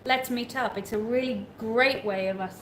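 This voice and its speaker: A woman's voice: fairly high pitch, normal speed. A woman from the UK co-hosting a travel live stream, easygoing and reading out viewer comments. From United Kingdom. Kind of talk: casual chat. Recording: echoey room, faint background noise.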